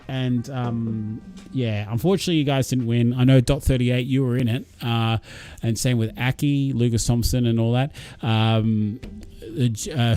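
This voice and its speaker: A man's voice: medium pitch, a little mellow. A man hosting a casual livestream, reading viewer comments aloud and cheering viewers on. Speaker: livestream host. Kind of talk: casual live-chat stream.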